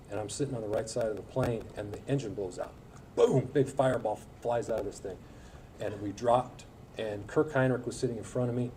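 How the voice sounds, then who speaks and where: A man in his forties speaks as a guest at a school event, spinning rambling, self-mocking stories full of "uh" and "you know". His voice sits a little low. He is heard from well back from the microphone, with clear background noise around him. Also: dark tone, far from the mic, rough recording. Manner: folksy storytelling with frequent filler words and self-deprecating humor. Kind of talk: anecdotal speech to an audience. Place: event hall at a school breakfast.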